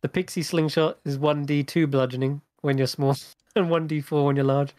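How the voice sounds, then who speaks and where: A man running a tabletop game as game master, relaxed and chatty, often laughing. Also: a little high, moderate pace, dry recording, clean studio sound.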